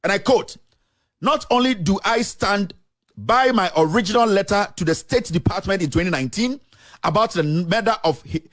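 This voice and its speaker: High-pitched and free of room sound, the voice belongs to a man with a Ghanaian accent. As a journalist showing documents on camera, he gives animated, emphatic commentary while reading official statements aloud, occasionally switching to a local language.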